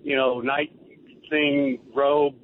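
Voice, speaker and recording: A man calling in as a regular on a radio show, chatting casually and rambling through quick asides. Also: mid-range voice, level tone. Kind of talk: casual talk radio chat. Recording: tinny phone line with faint noise.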